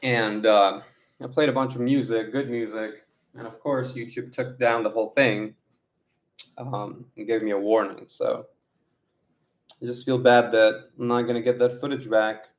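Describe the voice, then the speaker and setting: A man talking casually in a vlog at home, rambling slowly with many fillers and the odd laugh. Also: mid-range voice, level tone, echoey room. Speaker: vlogger. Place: his apartment. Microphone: phone camera.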